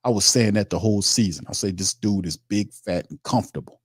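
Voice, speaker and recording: A man's voice: on the low side, fairly quick, husky, no room sound, studio quality. A man hosting a sports talk stream, reading chat comments and ranting emphatically in informal, streetwise speech. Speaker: sports show host.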